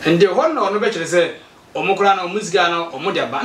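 A man's voice: sits high, fast talker. A Ghanaian man with a Ghanaian accent animatedly recounting events and acting out what people said. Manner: animated storytelling, acts out quoted exchanges. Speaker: community association member. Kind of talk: recounting events, mixing Twi and English. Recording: echoey room, mic far off.

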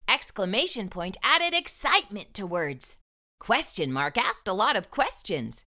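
Animated woman reading to children. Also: medium pitch, measured pace. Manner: animated, sing-song. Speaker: children's storyteller. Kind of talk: picture book read aloud.

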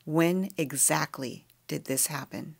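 A woman's voice: sits low, takes it slowly, gravelly, husky, no room sound, heavily acted. A woman reading aloud and voicing a shocked, distraught mother questioning her daughter over the phone.

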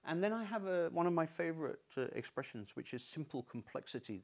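A man's voice: mid-range voice, gravelly, darkish tone. A man giving a university lecture in a conversational, unscripted way, often restarting his sentences. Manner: conversational, stubborn-toned, frequent restarts.

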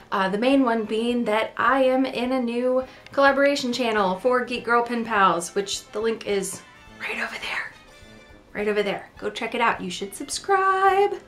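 A woman's voice: medium pitch, a bit bright. A woman vlogger in casual chat, playful and self-deprecating, talking to the camera.

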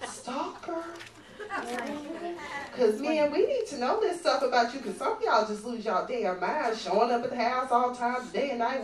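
Woman comedian, high voice, sassy and chatty, stand-up set, echoey club, mic a bit far, faint room noise. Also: expressive, moderate pace. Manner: sassy, conversational, teasing the audience.

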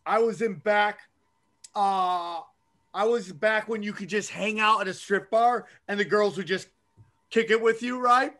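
A middle-aged comedian who hosts a podcast tells rambling, profane stories in casual, animated chat. His voice sits high and he takes his time.

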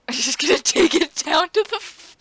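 A woman giggling and chatting excitedly to herself while playing in virtual reality, sometimes sinking to a whisper. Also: very high voice, a little slow, no room sound. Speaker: VRChat streamer. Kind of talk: casual vlog commentary. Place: playing in a VR social app at home.

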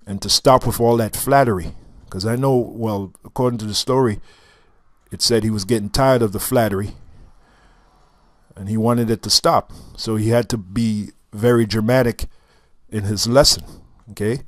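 A man's voice: on the low side, steady tone, no room sound. Man reading a story with asides. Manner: halting asides, restarts and chuckles between read passages. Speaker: reader and teacher. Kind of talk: reading a story aloud with commentary.

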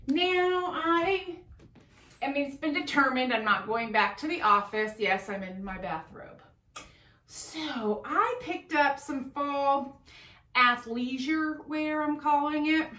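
A middle-aged woman chatting casually at home, unhurried as she describes clothes she is trying on. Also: high-pitched, pushed and bright, roomy sound. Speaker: fashion vlogger. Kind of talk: casual try-on haul chat.

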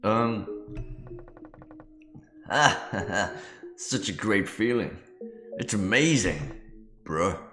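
A man's voice: lowish voice, expressive, drawn-out words, pauses often. A man hosting a let's play, reacting aloud to a game in an unsettled, joking way. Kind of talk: gaming commentary. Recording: echoey room with game music. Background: game music.

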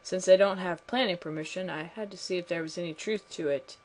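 A woman's voice: fairly low pitch, brisk, darkish tone, lightly acted. A woman reading the lines of a put-upon building inspector in a game, plainly and matter-of-factly.

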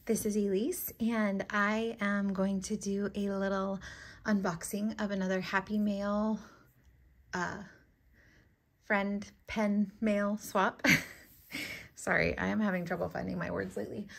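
A woman's voice: medium pitch, measured pace, creaky. Gushing young woman unboxing. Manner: gushing, excitable, gasping and exclaiming often. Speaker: stationery vlogger. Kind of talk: casual unboxing chat.

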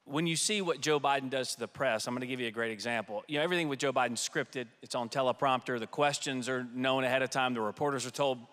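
A man on a conference panel, a former White House staffer telling lively anecdotes and acting out quoted voices. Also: medium pitch, fast, hardly any pauses. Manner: lively storyteller who acts out quoted voices. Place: conference hall stage. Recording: long hall reverb.

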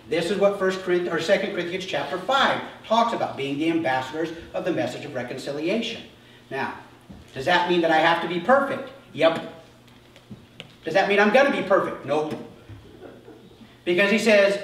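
A man's voice: sits high, lively intonation, unhurried, long pauses, fairly bright tone. A male pastor preaching a conversational sermon, acting out little dialogues as he goes. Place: church sanctuary. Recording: echoey church hall, mic far off.

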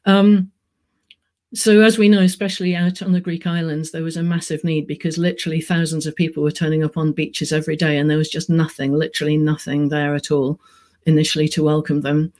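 A speaker reads aloud at a book launch, speaking haltingly with frequent ums and sounding close to tears. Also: mid-range voice, flat delivery, darkish tone. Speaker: book editor reading at a launch. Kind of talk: book reading with informal asides.

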